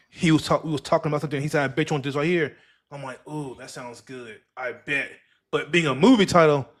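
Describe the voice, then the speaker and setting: A man hosts a casual podcast, voice sitting a touch high for a man. He talks loosely and rambles, circling back and restarting his thoughts. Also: a bit bright. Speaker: podcast host.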